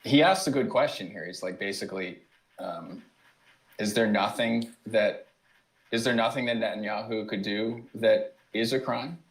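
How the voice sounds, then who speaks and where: A man's voice: on the low side, normal speed, rough recording. A man appearing as a guest on a podcast, giving blunt, indignant commentary in a casual chat.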